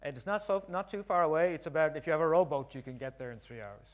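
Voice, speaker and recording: A man's voice: fairly high pitch, animated, quick pace. An Irish man, a guest author, playing along with a magic trick in casual chat and dry jokes. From Ireland.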